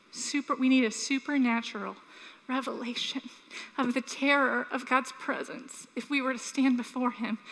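A woman preaching a sermon, telling a story from her own childhood with animated, earnest appeals to the congregation. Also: sits high. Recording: long hall reverb.

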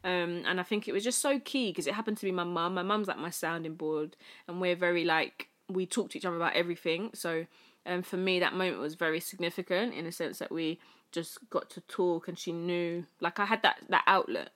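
A woman's voice: on the low side, a little fast, a bit bright. A young woman with a British accent, a podcast guest telling a personal story in casual chat, full of fillers and acted-out quotes. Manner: chatty storytelling, many fillers, acts out quoted speech.

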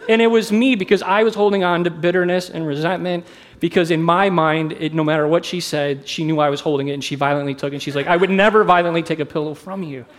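A middle-aged male pastor with a notably high speaking voice delivers a sermon. He talks candidly and conversationally and pokes fun at himself as he moves from personal anecdote to scripture. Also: little pitch movement, quick pace. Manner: candid, conversational, self-deprecating.

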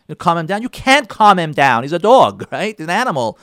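A man, a rabbi, delivers an emphatic talk with a high, lively voice that swoops up and down. He repeats his points and acts out little quarrels between husband and wife. The sound is dry and close. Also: fast talker, hardly any pauses, dry recording. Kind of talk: sermon-style talk on relationships.

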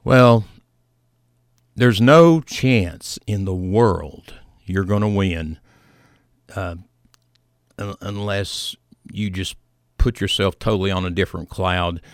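A man hosting a sports talk show, telling a story in a measured way with plenty of fillers. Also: low-pitched, no echo, studio quality. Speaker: sports radio host.

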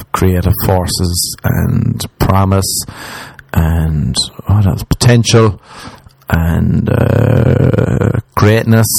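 Rambling Irish man, low and dry. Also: gravelly, a little mellow, no room sound. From Ireland. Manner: rambling, jokey, jumps into mocking put-on voices. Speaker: podcast host. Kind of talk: comedic solo podcast monologue.

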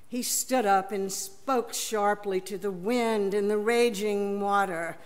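A woman leading worship, who introduces and reads the gospel lesson in a church service with measured, deliberate delivery. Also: mid-range voice, steady tone, clear, resonant tone. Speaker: worship leader reading scripture. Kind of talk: scripture reading in a church service. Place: church sanctuary.

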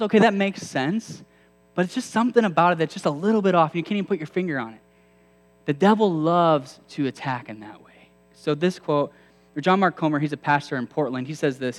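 A male preacher giving a sermon in a conversational way, often asking his listeners questions. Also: on the high side. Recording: long hall reverb.

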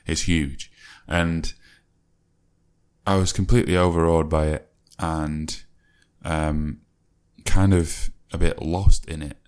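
Guy, deep low voice, rambling about his old album, lots of ums and restarts. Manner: musing and rambling, with many fillers and self-corrections. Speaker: musician reviewing his own old album. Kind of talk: casual reflective commentary.

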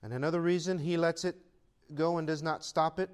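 A male pastor delivers a sermon in a high-pitched voice. He moves between ringing, raised declarations and soft, intimate asides, laughing between points. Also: a little fast, smooth. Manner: animated, swings from loud proclaiming to quiet asides, laughs between points.

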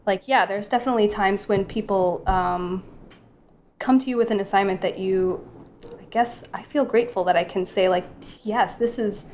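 A woman illustrator talks on a podcast panel. She is thoughtful and halting and often restarts her sentences. Her voice sits at a middle pitch, with faint background noise. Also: a little mellow.

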